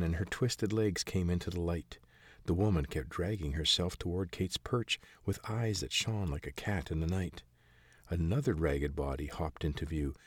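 A man narrating a fantasy audiobook in a measured, even storytelling manner. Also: sits low, dry recording.

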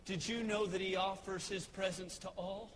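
A man preaching a sermon from a church pulpit, impassioned and building to shouts. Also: high-pitched, fairly even intonation, moderate pace, a little hiss or hum. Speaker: pastor. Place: church sanctuary. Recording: echoey church hall.

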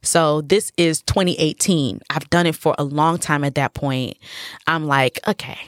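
Lively storytelling woman with a lowish voice. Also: measured pace, no echo, clean studio sound. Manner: animated, acts out quotes, laughs often. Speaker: interview guest, professional dancer. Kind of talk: casual storytelling in a podcast interview.

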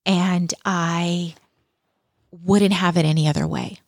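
A woman's voice: lowish voice, steady tone, takes it slowly, dry recording, clean studio sound. A middle-aged woman speaking as a guest in an interview, earnest and heartfelt, repeating key words for emphasis. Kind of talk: reflective personal interview talk.

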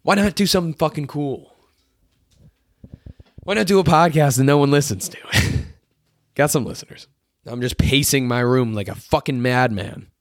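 A young man with a hoarse, tired voice rants into the mic, swearing freely and sounding fed up. He sits in the middle range for pitch. The recording is close and dry, with no room sound. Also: normal speed, pauses often, no echo. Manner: profane, frustrated ranting, mocking others in put-on voices. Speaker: solo podcast host. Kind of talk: ranting solo podcast monologue. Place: his bedroom.

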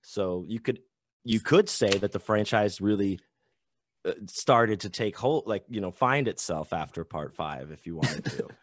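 A man talking as a guest author in a casual podcast chat, loose and animated, swearing and saying "like" a lot. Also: on the low side, unhurried.

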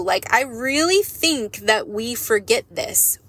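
A woman's voice: fairly high pitch, expressive, unhurried, hardly any pauses, a bit bright. Frank, rambling woman vlogger. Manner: frank and rambling, swears casually; emotional and earnest. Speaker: lash business owner and vlogger. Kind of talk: candid personal monologue.

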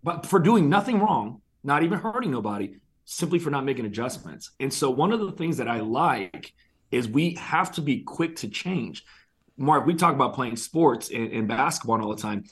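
As a guest in a relaxed interview conversation, an insurance agency owner tells lively stories and performs the lines he quotes. He has a husky, mid-range voice and a moderate pace.

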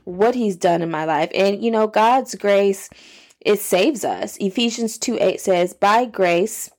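Earnest woman with a gravelly voice. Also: on the low side, a little mellow. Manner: earnest, heartfelt, speaks straight to viewers. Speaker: faith vlogger. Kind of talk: casual personal testimony.

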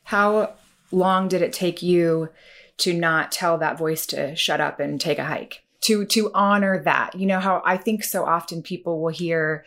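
A woman's voice: fairly low pitch, fairly even intonation, unhurried, fairly bright tone. A woman hosting a podcast, asking curious, conversational follow-up questions. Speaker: podcast host. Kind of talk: conversational interviewing.

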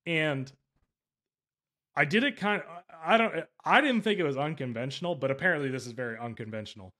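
This podcast host's voice is on the high side, bright, expressive and forceful, with a brisk delivery. In a casual interview chat he talks at length, rambling emphatically and frequently correcting himself mid-sentence.

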